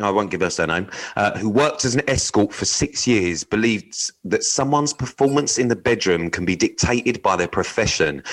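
A man with a fairly low-pitched voice, talking casually on a podcast. He is blunt and jokey and swears freely, whether he is chatting or reading out quirky news stories. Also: a bit bright, poor audio. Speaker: podcast co-host. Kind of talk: casual chat, reading news items aloud.

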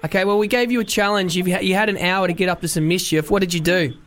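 A man's voice: high voice, steady tone, fast, a bit bright. A male radio host telling a rambling anecdote with many fillers and laughs. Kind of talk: casual radio chat and anecdote.

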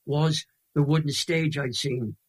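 A Welsh man in his eighties, a guest telling an emotional testimony in a lively, dramatic way. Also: a little high, measured pace, slightly rough. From Wales. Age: 80s.

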